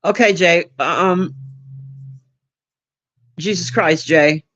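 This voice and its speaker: A loud, brash woman in her fifties chatting casually on a live stream from her room, teasing and roasting her viewers. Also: lowish voice, extremely slow. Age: 50s. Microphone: own desk mic.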